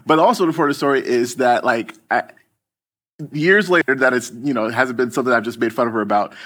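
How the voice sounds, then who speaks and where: A man's voice: mid-range voice, quick pace, a bit bright. A man preaching a casual storytelling sermon, loose and chatty, with many fillers and restarts.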